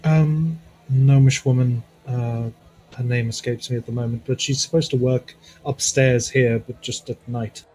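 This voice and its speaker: A man's voice: mid-range voice, fairly even intonation, unhurried, dark tone, poor audio. A man chatting casually as a tabletop game player, a little hesitant and full of ums.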